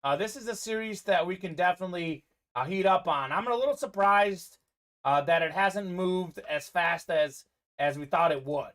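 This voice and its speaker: A man's voice: high voice, moderate pace, fairly bright tone. Upbeat man hosting a live card break. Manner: upbeat, running commentary on teams and players.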